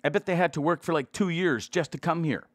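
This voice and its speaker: A man's voice: fairly high pitch, a little fast, no echo, clean studio sound, voice pushed up, close to an everyday voice. A man voicing a scornful family father who sneers at foreigners. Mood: sneering. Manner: sneering, contemptuous.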